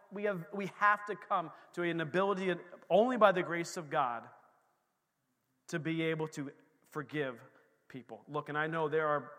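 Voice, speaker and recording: A man pastor preaching a sermon during a church service, swinging from quiet conversational asides to loud, fired-up exhortation. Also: high voice, long reverb tail.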